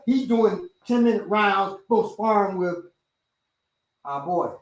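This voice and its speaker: Middle-aged man, martial arts instructor, lively storyteller, high pitch, roomy distant mic. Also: a little slow. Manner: animated, acts out quoted voices loudly. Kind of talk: casual storytelling chat.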